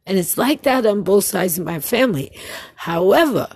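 A woman from Brooklyn leaving a casual voice message, telling an animated family story and laughing often. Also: medium pitch, moderate pace, slightly rough, no echo. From Brooklyn, New York.

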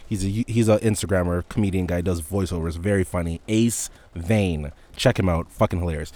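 Profane, animated young man ranting. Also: mid-range voice, no echo. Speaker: podcast host. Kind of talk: casual solo rant. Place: indoors with heavy rain outside.

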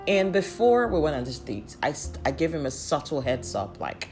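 A woman's voice: sits low, sing-song, normal speed, darkish tone. A young woman telling a story in a sassy, chatty way and laughing often. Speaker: vlogger. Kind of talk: casual storytelling. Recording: faint music underneath.

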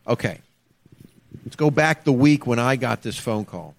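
A man's voice: mid-range voice, a little slow, vocal fry. A man, a former state trooper, telling a story in casual chat and acting out the voices of the people in it. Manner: animated storyteller, acts out the people he quotes.

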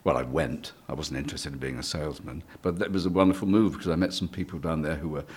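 A man's voice: extremely low pitch, fairly even intonation, quick pace, slightly rough. An older man from England, a guest in an interview, telling stories from his early career in a chatty way with frequent chuckles. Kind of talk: reminiscing interview.

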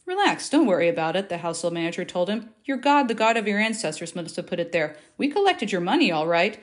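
A woman's voice: fairly low pitch, expressive, fast. A woman reading Bible scripture aloud, lifting her voice for the quoted speech. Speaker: Bible reader.

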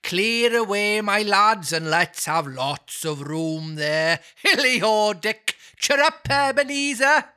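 A narrator voicing a fat, jovial old merchant with a Welsh accent, booming and drawn out. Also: expressive, takes it slowly, few pauses, pushed and bright, smooth. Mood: exuberant.

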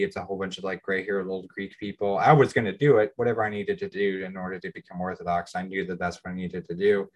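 An American man in his thirties, somewhat low-pitched, co-hosts a podcast and shares his own story. He's candid and plain-spoken, talking casually and poking fun at himself along the way.

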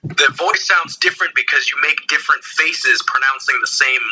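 A man's voice: on the high side, moderate pace, pushed and bright, a little hiss or hum, rough recording. A man who lifts competitively, a guest on a casual podcast, explaining things earnestly at length with fillers.

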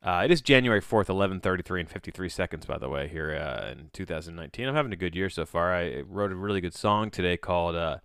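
A man with a low, expressive, slightly bright and smooth voice hosts a casual solo podcast at a quick pace with hardly any pauses. The home-mic recording has clean studio sound and no room noise. He rambles offhandedly and frequently breaks off mid-sentence.

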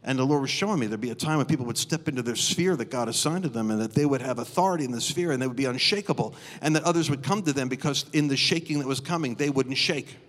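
Animated male preacher in an echoing hall. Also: mid-range voice, quick pace, hardly any pauses. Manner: animated, acts out quoted dialogue. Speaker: guest preacher. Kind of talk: storytelling sermon. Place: church auditorium, live. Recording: long reverb of a church hall.

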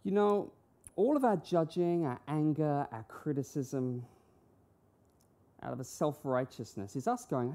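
A woman's voice: deep voice, unhurried, mellow. A woman preaching a sermon, emphatic and full of rhetorical questions that she answers herself. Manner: emphatic, uses rhetorical questions and acted-out quotes.

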